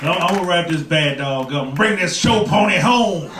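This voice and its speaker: A man with a high, very lively voice performs stand-up, slipping into voices for the people he mocks. He sounds a little far from the mic in a roomy club. A loud crowd roars with laughter behind him. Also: moderate pace, heavy background noise. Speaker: stand-up comedian. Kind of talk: stand-up comedy set. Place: comedy club stage. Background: audience laughter and applause.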